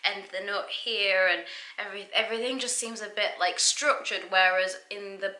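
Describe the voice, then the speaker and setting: A woman's voice: mid-range voice, fairly even intonation, normal speed, pushed and bright. A young woman chatting animatedly on a reaction vlog, often interrupting herself. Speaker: YouTuber. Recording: echoey room.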